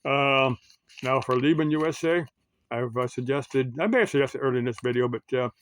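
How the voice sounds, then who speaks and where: A man's voice: mid-range voice, normal speed. An American man giving casual, meandering commentary to his channel, full of fillers and restarts. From United States. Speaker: YouTube commentator.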